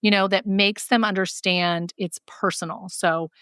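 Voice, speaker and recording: A woman co-hosting a podcast, chatting in an animated, self-deprecating way about networking. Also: medium pitch, unhurried, smooth, dry recording, studio quality. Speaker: podcast co-host. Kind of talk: casual chat.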